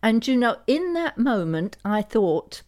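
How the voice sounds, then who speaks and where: Animated woman telling a faith story. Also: on the high side, measured pace. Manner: animated storyteller, acts out quoted dialogue. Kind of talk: faith-based discussion, personal testimony.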